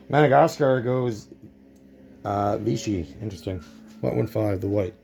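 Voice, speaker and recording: A man's voice: on the low side, unhurried, vocal fry, mellow. A man narrating his own board game play-through, thinking aloud and reacting to dice rolls.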